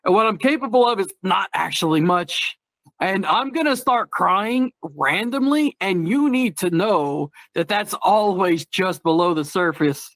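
A man's voice: high voice, expressive, a little slow, fairly bright tone, no echo. A man with a slightly raised voice chats in a candid, darkly humorous way, often laughing as he tells a story. The sound is dry and close, with no room around it. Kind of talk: casual chat.

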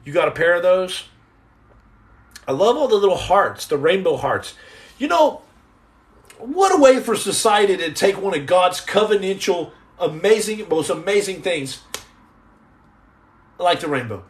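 Lively man chatting on a live stream. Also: high voice, normal speed. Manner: lively, jumps between jokes and chat shout-outs. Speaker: live-stream host answering chat. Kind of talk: casual live-stream chat.

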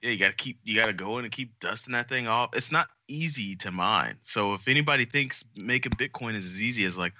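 A low-voiced man chats on a podcast with lots of energy, joking, cussing and hamming up his points. His voice has a very bright, forward edge. The sound is dry and a little muffled. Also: fast, few pauses, no echo. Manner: animated, jokey, swears freely. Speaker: podcast co-host. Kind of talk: casual podcast chat.

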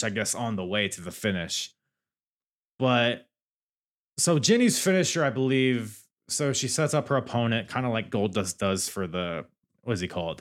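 A man's voice: lowish voice, a bit bright. A man hosting a podcast, recapping matches in a loose, chatty way. He jokes, swears and restarts his sentences often. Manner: rambling, joking and profane, with many restarts. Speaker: wrestling podcast host. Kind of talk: casual show recap.

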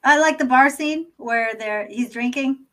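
A woman chatting as a guest on a podcast, enthusiastic and quick to laugh. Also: high-pitched, a bit bright. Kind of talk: casual chat.

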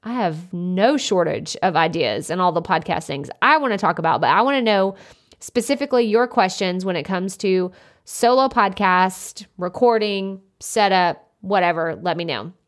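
Loud, energetic woman podcast host. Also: on the low side, normal speed. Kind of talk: casual solo podcast talk. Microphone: studio podcast microphone up close.

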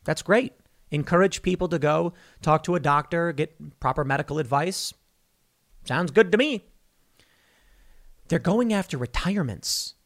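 A man's voice: on the high side, expressive. A man hosting a podcast, delivering a heated, opinionated monologue with a sarcastic, mocking tone. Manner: rushes through read-out news text. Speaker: podcast host.

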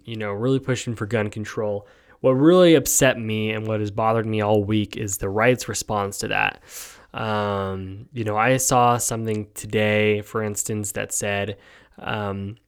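A man's voice: on the low side, clear, resonant tone. A young man hosting a solo podcast, talking casually and sarcastically, rambling with frequent ums. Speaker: podcast host.

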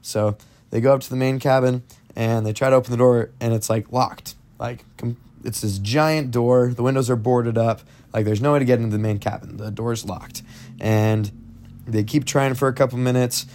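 At normal speed and in a steady, medium-pitched voice with a darkish tone, a young podcast storyteller tells friends a creepy tale. He wanders through it casually, leaning hard on "like" and "um."

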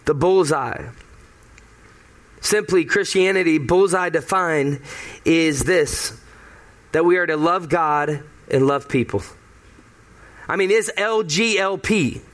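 A man's voice: fairly high pitch, slow pace, long pauses, a bit bright. A male pastor giving a conversational sermon, emphatic and fond of repeating key phrases.

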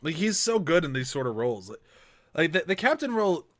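A man co-hosting a casual movie chat podcast, animated and quick to laugh as he riffs. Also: a little high. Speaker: podcast co-host.

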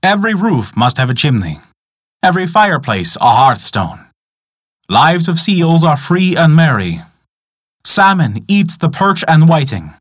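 A man's voice: fairly high pitch, big pitch swings, measured pace, fairly bright tone, exaggerated voice. A man voicing a young, boastful wizard who sneers and brags in a folk tale. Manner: brash and bragging.

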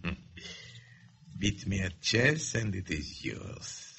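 Sardonic villain general, contemptuous, measured, very bright edged voice, 1950s radio drama. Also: male voice, sits low, sing-song, creaky, full character voice. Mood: menacing. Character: bored, cruel middle-aged male general.

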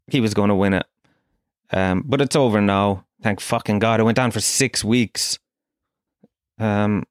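A man's voice: medium pitch, dry recording, studio quality. Swearing Irish man in his forties, ranting. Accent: Irish, Kerry. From Ireland. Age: 40s. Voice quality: animated, incredulous, swearing freely. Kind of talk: profane comic rant.

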